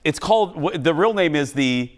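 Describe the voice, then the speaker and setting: A man's voice: fairly high pitch, normal speed. A man hosting a talk show, telling jokey stories to a studio audience. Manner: animated, jokey storytelling.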